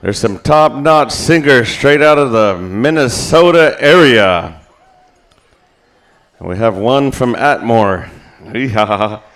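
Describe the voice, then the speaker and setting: A man's voice: medium pitch, animated, slow, fairly bright tone. A man emceeing a powwow over the PA in an outdoor arena, joking between calls. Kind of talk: live arena announcing.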